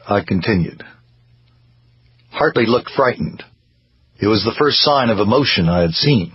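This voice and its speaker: A man narrating a first-person story as an audiobook, in a measured storytelling manner. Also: fairly low pitch, lively intonation, husky. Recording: dry, muffled lo-fi recording.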